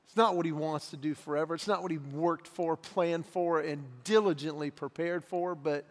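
A middle-aged man preaches with a high, bright tenor voice, telling stories with lively energy and acting out the people he quotes. His sermon rings out with a long reverb, as if in a large church sanctuary. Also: normal speed. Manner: animated storytelling, acts out quoted voices. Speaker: pastor. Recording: echoey hall reverb.

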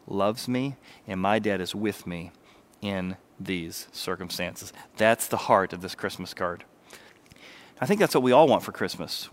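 A man preaching a sermon, animated, sometimes dropping to a soft, intimate voice. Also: lowish voice. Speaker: pastor.

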